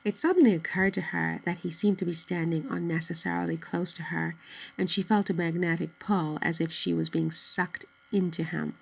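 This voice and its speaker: A woman reads a novel aloud in a steady, measured way. Her voice is low with a noticeable gravelly fry, and the delivery stays even, as in a scripted audiobook. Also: low-quality recording. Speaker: narrator.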